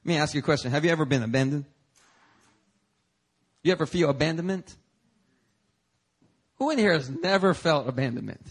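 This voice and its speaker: A man from Korea preaching a sermon as a pastor, lively and conversational, moving between loud emphatic lines and soft asides, sometimes laughing through personal stories. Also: fairly high pitch, brisk, long pauses, husky.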